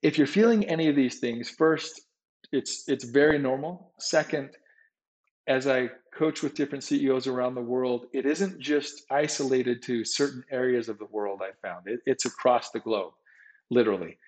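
A man's voice: mid-range voice, moderate pace, a little mellow, poor audio. Reassuring male coach on a call. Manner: reassuring, repeats words, addresses host by name. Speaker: executive coach and guest. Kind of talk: conversational advice.

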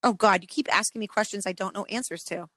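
A woman co-hosting a podcast in casual chat, self-deprecating and quick to laugh. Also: medium pitch, heavy background noise. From from an Irish Catholic family. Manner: self-deprecating, laughs often, chatty with fillers.

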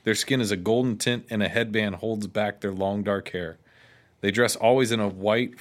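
A man with a fairly low voice tells an old story in a loose, chatty way. He drops into quoted lines and then breaks off with offhand asides, like a podcast co-host entertaining a friend. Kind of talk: casual storytelling chat.

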